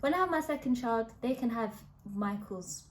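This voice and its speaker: Brief: woman, bright-pitched and earnest, recorded off-mic in a roomy space. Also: animated, normal speed. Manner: earnest, explaining herself. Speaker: podcast co-host. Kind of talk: casual chat. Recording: roomy, distant mic, faint room noise.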